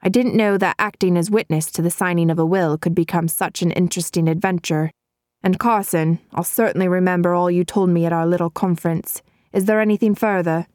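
A dignified banker speaking in courteous, formal phrases, as a woman reads him. The voice is low and even, heard close and dry. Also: a little fast, no room sound, close to an everyday voice. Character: polite, dignified male banker.

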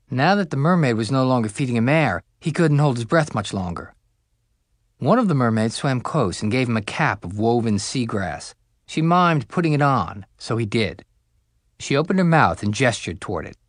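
Expressive male audiobook narrator. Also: dry recording, studio quality. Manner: expressive, rising higher for the hero's dialogue. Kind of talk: scripted narration.

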